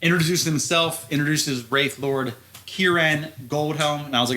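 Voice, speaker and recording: A man's voice: a little high, normal speed, bright, forceful tone, slight background noise. A man co-hosting a podcast, recapping a story in loose, profane chat with frequent laughs. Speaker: podcast co-host.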